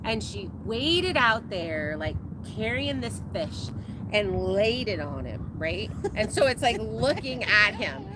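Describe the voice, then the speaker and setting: A woman's voice: medium pitch, big pitch swings, slow pace. A woman co-hosting a casual farm livestream, telling a family story and laughing often as she goes. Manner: laughs a lot while telling a story, rising to squeals. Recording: noisy background.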